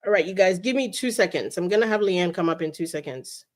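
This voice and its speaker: A woman hosting a casual livestream, chatting about a lawsuit and reading viewer messages aloud in an animated way. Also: on the low side, quick pace. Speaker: livestream host.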